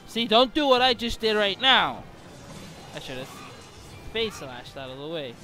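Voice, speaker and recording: A man giving excitable gameplay commentary while sick with a bad cough, breaking into frequent exclamations. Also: high-pitched, a little slow, faint music behind. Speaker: gamer.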